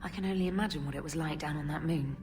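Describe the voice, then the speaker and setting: An actress playing a brisk, helpful female communications officer on a starship in a video game, heard from a distance. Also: low voice, darkish tone, a little hiss or hum, natural voice. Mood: briefing.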